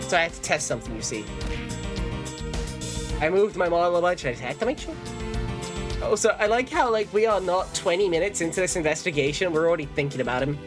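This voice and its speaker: A woman's voice: on the low side, expressive, fast talker, long pauses. A woman streaming a game live, chatting casually and irreverently, swearing freely and reading game lines aloud. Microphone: streaming mic. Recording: game music playing behind.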